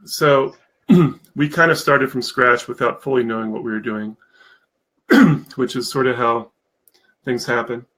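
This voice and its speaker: Man, live-stream guest, eager, rambling, lots of ums, mid pitch. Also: unhurried, pauses often, a bit bright, poor audio. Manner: enthusiastic, rambling with many fillers. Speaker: guest, mentorship program founder. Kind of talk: casual live-stream interview.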